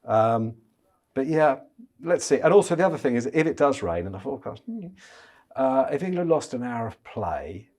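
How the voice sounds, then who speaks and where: A man's voice: mid-range voice, animated, moderate pace, a little mellow. A man, a chief cricket correspondent, chatting casually on a podcast, with frequent stammering restarts.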